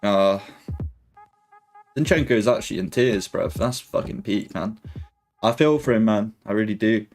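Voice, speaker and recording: A man's voice: lowish voice, normal speed, long pauses, darkish tone. Young guy streaming a football watch-along. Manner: chatty slangy banter with chat, reading comments aloud. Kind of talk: casual live-stream chat. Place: home. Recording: faint music behind.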